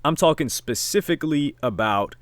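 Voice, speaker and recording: A man hosting a casual commentary video, reading out social media posts and reacting with lively emphasis. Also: fairly high pitch, moderate pace, clean tone, no echo. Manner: animated, reads quotes aloud with emphasis. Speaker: commentary channel host.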